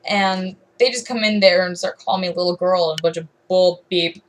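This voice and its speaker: A woman's voice: on the low side, steady tone, fairly quick, a little hiss or hum, low-quality recording. A teenage girl ranting to camera in a rambling, aggrieved way, full of "um"s, "like"s and restarts. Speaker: vlogger.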